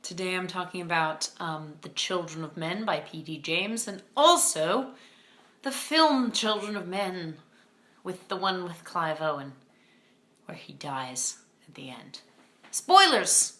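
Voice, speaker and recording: Young female book vlogger, lower-pitched but bright tone, animated casual delivery. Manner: chatty and animated, with playful emphasis and quick asides. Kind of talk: casual chat.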